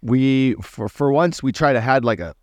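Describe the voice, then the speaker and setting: A man's voice: medium pitch, expressive, moderate pace, a little mellow, no echo. A man co-hosting a podcast in casual chat, easygoing and profane in his banter. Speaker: podcast co-host.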